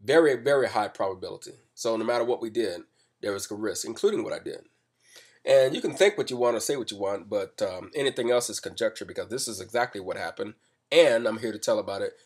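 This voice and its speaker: A man telling a personal story in a calm, measured way, explaining step by step. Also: lowish voice, husky. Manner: calm and measured, rising to loud reenactments. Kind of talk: spoken personal account, explanatory.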